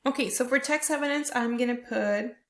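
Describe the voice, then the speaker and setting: A woman's voice: a little high, a little fast. A woman teacher walking young students through a reading lesson step by step, often checking in with "right?". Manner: explains step by step, tags questions with "right?". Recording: roomy echo.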